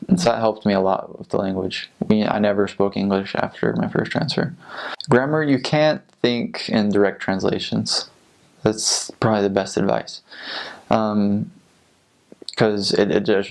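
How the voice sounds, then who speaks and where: A young American man, a returned missionary, talking casually in an interview in a relaxed, rambling way with lots of filler words. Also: on the low side, measured pace, vocal fry. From United States.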